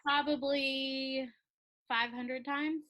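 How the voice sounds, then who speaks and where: A woman's voice: high voice, little pitch movement, extremely slow, a bit bright, low-quality recording. A young woman chatting casually in an interview about her calligraphy business, laughing often and filling her talk with "like".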